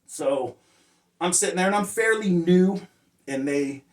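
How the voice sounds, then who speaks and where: A man recounts his life lessons in a loose, rambling style, full of filler words and blunt, salty talk. His voice sits a touch higher than most men's. He sounds set back from the microphone in an echoey room. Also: expressive, measured pace. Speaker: motivational speaker sharing life lessons. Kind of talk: casual personal storytelling. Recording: roomy sound, distant mic.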